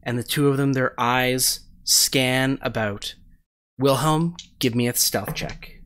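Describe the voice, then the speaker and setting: A man running a tabletop game as game master, describing scenes in a measured way with frequent fillers. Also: mid-range voice, fairly bright tone, smooth.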